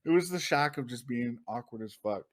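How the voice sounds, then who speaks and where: A man's voice: medium pitch, animated, a little fast. A young man co-hosting a podcast, chatting casually, swearing and laughing as he tells stories. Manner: laughing, swearing, loose storytelling. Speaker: podcast co-host. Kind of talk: casual chat.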